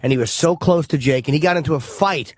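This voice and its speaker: A man's voice: a little high, fast talker, no echo, studio quality. Blunt male radio co-host. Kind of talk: casual radio talk. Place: radio studio. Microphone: studio microphone.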